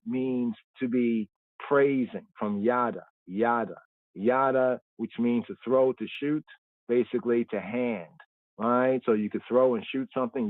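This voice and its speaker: A man's voice: mid-range voice, no room sound. Man teaching scripture over a tinny line. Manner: explanatory, repeats words and says "right?" often. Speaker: Bible study teacher. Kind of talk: livestream scripture study. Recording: tinny phone-like line, dry.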